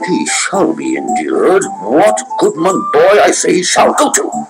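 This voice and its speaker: A man's voice: on the high side, wildly swooping pitch, a little slow, heavily acted, low-quality recording. An actor playing Lord Capulet, a stern older host who scolds his hotheaded nephew in a commanding tone. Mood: angry, scolding. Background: film score music.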